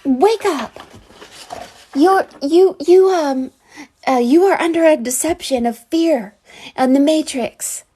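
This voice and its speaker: A woman's voice: sits high, takes it slowly, warm tone. A woman giving a live psychic reading, earnest and rambling, with many fillers and restarts. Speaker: psychic reader.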